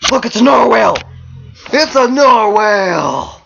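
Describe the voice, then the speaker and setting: A man voicing a shy, lovestruck young male outcast wolf who talks hesitantly and breaks into excited shouts. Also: mid-range voice, moderate pace, husky, lo-fi sound, faint music behind.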